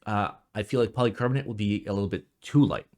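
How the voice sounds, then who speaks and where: A man's voice: on the low side, quick pace. Rambling, profane young male vlogger. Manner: profane, rambling, swings from muttering to loud outbursts. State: jet lagged. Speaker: keyboard reviewer. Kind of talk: casual ranting vlog.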